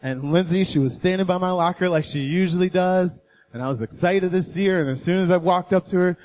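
A man with a notably high voice tells a humorous story from the pulpit, animated and full of acted-out voices. The sound carries a long, echoey hall reverb. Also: brisk. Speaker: guest speaker.

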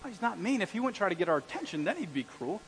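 A male pastor preaching a sermon with a husky voice, telling stories in an animated way and shouting out the lines he quotes. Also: high-pitched, racing, slight background noise. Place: church hall. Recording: echoey hall.

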